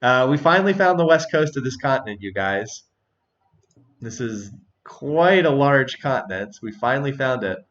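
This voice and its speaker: A man's voice: mid-range voice, lively intonation, moderate pace, a bit bright, highs cut off. A man hosting a strategy game session, chatting casually, thinking aloud and laughing often. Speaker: let's-play host. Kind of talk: casual gameplay commentary.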